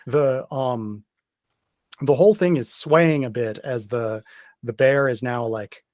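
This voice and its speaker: Halting man narrating as game master. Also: medium pitch, darkish tone, no echo, clean studio sound. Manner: hesitant, many fillers and restarts.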